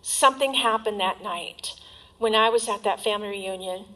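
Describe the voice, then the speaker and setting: A middle-aged woman telling her recovery story as a personal testimony, candid and emotional, with soft trailing asides. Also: mid-range voice, moderate pace, low-quality recording.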